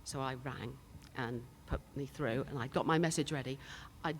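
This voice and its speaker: Her pitch is extremely low and her pace normal, with a little hiss or hum on the handheld mic. An older British woman on a conference stage, she serves as a panelist telling chatty, laugh-filled stories with asides.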